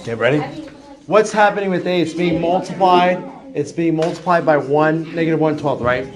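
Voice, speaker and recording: A man's voice: on the high side, moderate pace, crowd noise. A man teaching a math class, chatty and self-deprecating, joking with his students. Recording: noisy classroom recording.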